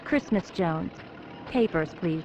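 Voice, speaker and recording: A woman voicing a brisk young female scientist in a video game, speaking in a curt, businesslike way. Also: on the low side, animated, dull audio. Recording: noisy game audio.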